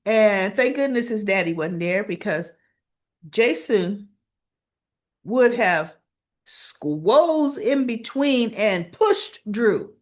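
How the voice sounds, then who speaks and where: Slow, chatty woman recapping a soap. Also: medium pitch, animated. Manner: chatty, conversational, keeps asking "right?". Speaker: soap opera recap vlogger. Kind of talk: casual episode recap.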